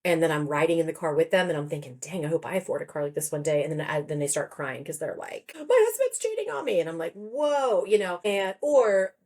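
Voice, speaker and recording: A woman in her forties with a slightly low voice tells her story as a podcast guest. She talks in a relaxed, chatty way. She slips into quoted voices as she goes. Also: quick pace, hardly any pauses. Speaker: guest, therapist and author. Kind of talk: conversational podcast interview.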